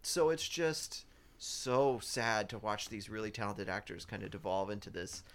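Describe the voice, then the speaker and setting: A man co-hosting a casual movie review podcast, hesitant with many pauses and fillers. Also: on the low side, expressive, fairly bright tone, slight background noise. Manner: hesitant, many ums, looks things up. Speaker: podcast co-host. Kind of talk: casual film review chat.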